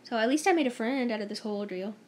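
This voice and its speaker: A young woman with a high-pitched voice tells a story-time vlog to camera. She talks in a chatty, emphatic way and acts out what everyone said. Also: rapid-fire. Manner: chatty, emphatic, mimics others in dialogue. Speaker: vlogger.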